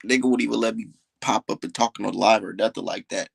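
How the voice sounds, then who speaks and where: With a lowish, fast voice carrying vocal fry and a breathy edge, a young adult livestream host delivers a boastful, dismissive rant full of profanity. There is no echo.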